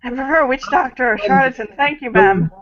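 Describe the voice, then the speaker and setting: A man voicing a jovial male priest who rambles eagerly, in a higher voice than his own. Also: fairly quick, muffled recording. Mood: wry.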